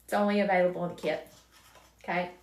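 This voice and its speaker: A woman with a North Carolina Southern accent hosting a live crafting stream, chatting warmly with viewers by name as she works. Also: on the low side, little pitch movement, fast talker, reverberant, distant mic. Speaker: livestream craft host.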